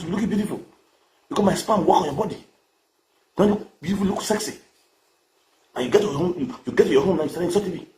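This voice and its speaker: Nigerian guy ranting fast to camera, high-pitched, bragging and crude, says stuff over and over. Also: darkish tone, slight background noise. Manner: boastful, crude and mocking, repeats phrases. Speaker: vlogger.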